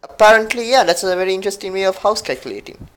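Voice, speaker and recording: Podcast cohost, giggly and rambly, mid pitch, lots of ups and downs. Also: lively intonation, very fast, fairly bright tone. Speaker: podcast co-host. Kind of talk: casual chat.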